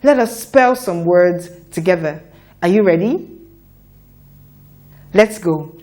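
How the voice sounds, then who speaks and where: A woman teaching a children's phonics lesson, sounding out letters and words slowly for young learners to repeat. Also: lowish voice, lively intonation, mellow. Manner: slow, deliberate, repeats sounds for children to echo.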